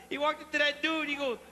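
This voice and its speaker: A man with a Cajun accent doing live stand-up storytelling on a theater stage, loud and animated as he acts out the people in his jokes. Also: very high voice, a little hiss or hum. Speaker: stand-up comedian. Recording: long reverb of a live theater hall.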